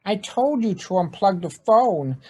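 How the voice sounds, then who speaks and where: A man's voice: on the high side, big pitch swings, moderate pace, mellow. A man voicing a stern, irritated middle-aged cartoon wife, speaking tersely while reading a script aloud. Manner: terse, scolding.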